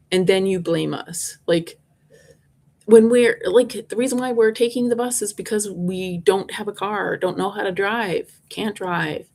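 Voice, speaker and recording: A woman's voice: medium pitch, a little mellow. A woman telling a rambling, frustrated story about bad bus service, with many restarts. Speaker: vlogger reviewing bus lines. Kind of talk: casual ranting monologue.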